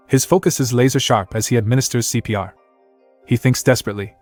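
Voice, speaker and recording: A man narrating a comic story recap in a scripted, even storytelling read. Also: medium pitch, brisk, dry recording, faint music behind.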